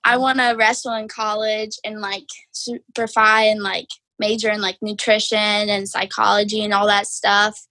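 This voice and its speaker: A woman's voice: medium pitch, flat delivery, moderate pace, hardly any pauses, sharp tone, no room sound. A teenage girl, answering interview questions in an easygoing way, full of "like" fillers. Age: teens. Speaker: guest, high school wrestler.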